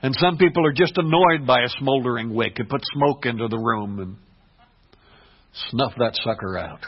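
Husky-voiced man preaching a sermon. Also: mid-range voice, moderate pace. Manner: dynamic preaching, swings from hushed to emphatic. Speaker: pastor. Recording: dull lo-fi recording.

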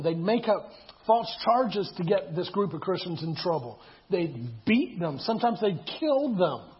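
A man preaching a sermon in a conversational way, repeating himself and asking rhetorical questions. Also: high voice. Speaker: pastor. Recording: dull lo-fi sound.

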